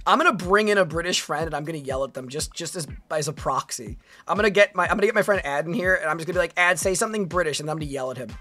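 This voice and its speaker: A woman's voice: low voice, expressive, racing, a bit bright, faint music behind. A woman streamer chatting casually, rambling and playful, with frequent stammering restarts. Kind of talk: casual livestream chat.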